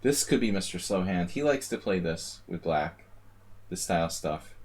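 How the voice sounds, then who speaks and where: A man's voice: sits low, expressive, normal speed, darkish tone. A man streaming a chess simul, thinking aloud and muttering moves in casual commentary.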